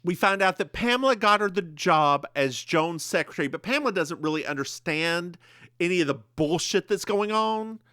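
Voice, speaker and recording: A man co-hosts a podcast with a bright, fairly high voice that swings widely in pitch. He recaps a TV episode in casual chat with animated, theatrical storytelling, recorded close and dry. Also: normal speed, dry recording. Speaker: podcast co-host.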